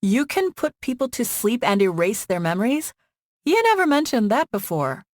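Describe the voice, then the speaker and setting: A woman voicing a sharp, practical young heroine in an audiobook, speaking dry and matter-of-fact. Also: fairly high pitch, very animated, normal speed, no room sound, voice pushed up.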